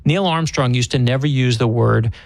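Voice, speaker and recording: Gravelly guy guesting on talk radio, earnest, stumbles into his points, dry close sound. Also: medium pitch, moderate pace, darkish tone, no echo. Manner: earnest, emphatic, repeats words when starting. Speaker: author guest. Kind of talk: radio interview.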